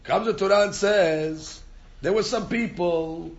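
A man's voice: high-pitched, unhurried, dull audio. A man teaching an informal Torah class, repeating words as he restarts and chanting Hebrew verses.

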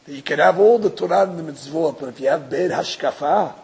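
A man's voice: fairly high pitch, brisk, creaky, a little mellow, slightly rough, low-quality recording. A man, a rabbi giving a religious lecture, talking emphatically and rhetorically, stammering into restarts and acting out other people's voices. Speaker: rabbi teaching a class.

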